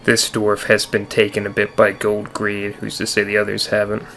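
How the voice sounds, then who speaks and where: A man taking part in tabletop role-play, speaking in a measured, low-key way. His voice sits on the low side. A faint hum of ambience lies underneath. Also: monotone, creaky, a bit bright. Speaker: player.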